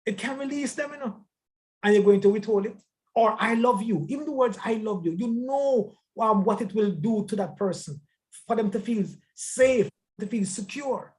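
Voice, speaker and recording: A man's voice: high voice, normal speed, a little mellow. A man teaching a church life-skills class in a conversational way, emphatic and often repeating words.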